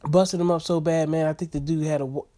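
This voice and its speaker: A man's voice: fairly high pitch, fairly even intonation, fast talker, warm tone. A man casually recapping a boxing fight in rambling, slangy talk full of fillers and chuckles.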